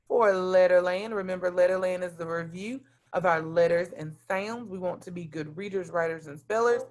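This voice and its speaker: A woman teacher giving a recorded lesson in clear, deliberate teacher talk, stepping through lists point by point. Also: on the low side, a little mellow.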